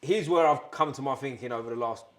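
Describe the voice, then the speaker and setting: Fast-talking man telling stories. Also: mid-range voice. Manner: rambling, animated storyteller who acts out quoted exchanges. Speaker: podcast guest. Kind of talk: casual storytelling chat.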